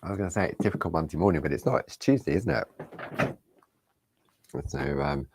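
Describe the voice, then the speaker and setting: A man's voice: extremely low pitch, animated, moderate pace, long pauses, darkish tone, no echo. A middle-aged man leading a live crafting tutorial, chatty and reassuring, talking straight to his viewers. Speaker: crafting demonstrator.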